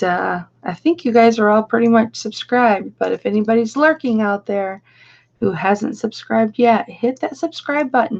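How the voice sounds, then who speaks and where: A woman's voice: mid-range voice, vocal fry, darkish tone, dull audio. A woman hosting a casual live stream, chatty and affectionate as she reads out viewer comments. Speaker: live-stream host and reseller.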